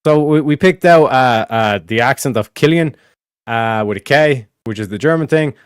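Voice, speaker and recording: Smooth dry-voiced male streamer, rambling. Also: medium pitch, expressive, moderate pace, dry recording. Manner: rambling, profane, repeats "do you know what I mean". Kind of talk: casual explanatory stream talk.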